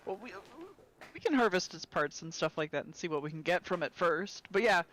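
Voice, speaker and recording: A man's voice: sits high, lively intonation, brisk, a bit bright, a little hiss or hum. A man playing a tabletop role-playing game, talking casually with hesitant fillers and jokes. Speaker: player.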